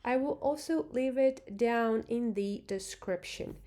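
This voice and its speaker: A woman teaching beginners the Thai script, explaining slowly and patiently and demonstrating sounds, with many fillers. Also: fairly high pitch, dark tone. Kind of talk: online language lesson.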